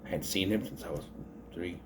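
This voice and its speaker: A man's voice: low voice, fairly quick, noisy background. A man giving a casual spoken movie review, rambling and correcting himself as he thinks aloud.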